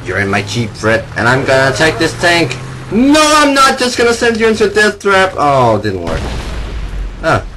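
Young male gamer, lively swinging pitch, hyped and loud, with game noise behind him. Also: normal speed. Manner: excitable, yelling and laughing at the game. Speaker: gameplay commentator. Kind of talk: casual gameplay commentary. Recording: noisy game sounds behind. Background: game vehicle and battle noise.

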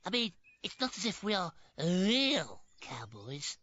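A woman voicing a nervous, excitable townsman in a cartoon, jittery and eager. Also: fairly low pitch, slow, dull audio, background noise. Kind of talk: cartoon voice acting.

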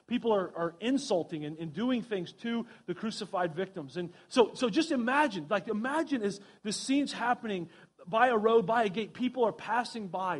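Man pastor, earnest sermon delivery, higher voice with a breathy edge. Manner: earnest, reads scripture aloud with frequent restarts. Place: church sanctuary.

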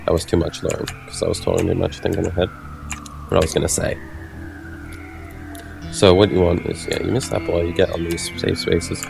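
A man's voice: sits low, flat delivery, fairly quick, gravelly, pauses often. A man casually explaining his tactics as he plays a video game, with the odd curse. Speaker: gameplay commentator. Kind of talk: let's play commentary. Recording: game music behind voice. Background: game music.

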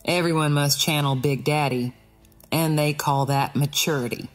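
A woman's voice: low-pitched, steady tone, normal speed, soft background music. A woman voicing a sly male death adder in an audiobook, with a sweet, coaxing, sing-song manner. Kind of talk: audiobook character voice.

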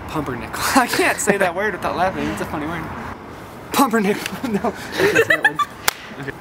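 A woman's voice: mid-range voice, huge pitch swings, fairly quick, a loud crowd. A woman acting in a web series, who keeps fumbling her lines and laughing in blooper takes. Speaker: webseries actor.

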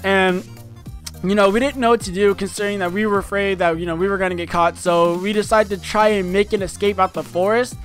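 A man's voice: high voice, fairly even intonation, fairly quick, soft background music. A young man telling a personal story to his viewers in a rambling, casual way, full of fillers and restarts. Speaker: vlogger.

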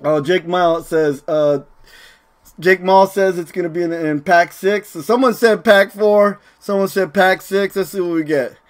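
This young male gamer streams at a moderate pace in a high voice with fairly even intonation. Relaxed and chatting with his viewers, he keeps saying "dude" and "man."

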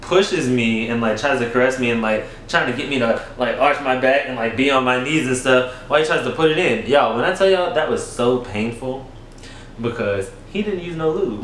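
A young man chatting through a storytime vlog, animated and expressive, his voice jumping high when he gets dramatic. He talks at a medium pitch and speaks right to his audience. The room has a roomy echo and a faint hiss underneath. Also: moderate pace. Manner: animated, dramatic swings up high, addresses viewers directly. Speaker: YouTuber telling a story. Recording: echoey room.

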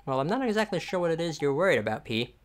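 A man's voice: on the high side, very animated, racing, slight background noise. Earnest young boy hero, reassuring, read by a man.

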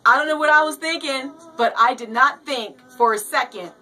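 A woman's voice: high-pitched, normal speed, pushed and bright. A woman hosting her own casual show, giddy and playful, repeating words for fun. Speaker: show host. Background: faint music.

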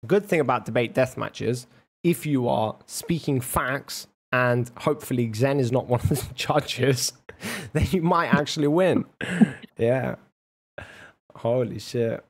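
Profane, laughing debate host. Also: male voice, mid-range voice, unhurried, slightly rough. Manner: profane, laughing, rambling banter. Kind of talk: casual livestream hosting.

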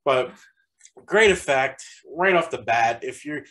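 A man's voice: medium pitch, animated, a little slow, a bit bright, rough recording. A man reviewing a haunted attraction in casual chat, rambling and packing his sentences with fillers. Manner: rambling, heavy use of "like" fillers.

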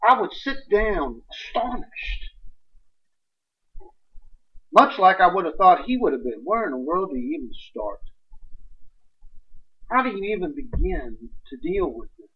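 A man preaching a sermon in a folksy, emphatic way, swinging between loud points and hushed ones. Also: sits high. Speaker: pastor. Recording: dull distant livestream sound.

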